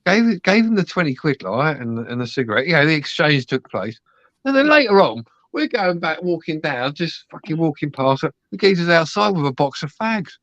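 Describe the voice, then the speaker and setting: A man's voice: on the high side, very animated, moderate pace, fairly bright tone, dry recording. A man, chatting on a live stream, telling stories, swearing freely and acting out the people he quotes. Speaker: host. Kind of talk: casual chat on a live stream. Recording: dull, dry lo-fi sound.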